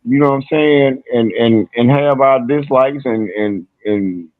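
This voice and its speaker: A man's voice: mid-range voice, unhurried, no room sound. A man on a live-stream debate panel, rambling casually with many repeated fillers. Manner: rambling, repeats "you know what I'm saying". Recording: tinny phone-line sound.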